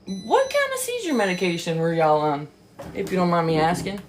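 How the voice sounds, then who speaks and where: A woman giving casual reaction commentary on a book, mocking, profane and quick to exclaim and laugh. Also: fairly low pitch, sing-song, a little hiss or hum. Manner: laughs often.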